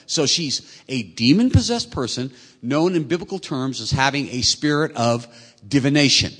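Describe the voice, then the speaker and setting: A man's voice: mid-range voice, lively intonation, normal speed, fairly bright tone. A man preaching a sermon as a pastor in a conversational way, often asking his listeners rhetorical questions. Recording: echoey hall.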